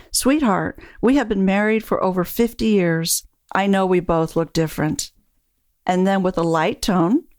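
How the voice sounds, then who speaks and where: Calm, measured woman narrating, dry sound. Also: lowish voice, no echo. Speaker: dementia care coach. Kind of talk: scripted narration.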